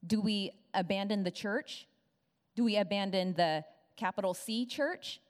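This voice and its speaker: A woman's voice: mid-range voice, unhurried. A woman preaching a sermon, laying out points and teaching through scripture. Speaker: pastor. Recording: reverberant church hall.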